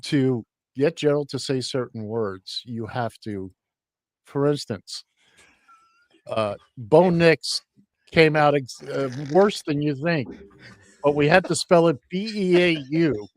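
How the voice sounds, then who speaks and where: A man hosting a casual radio talk show, rambling with a dry humor and plenty of halting fillers. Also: on the high side, no room sound.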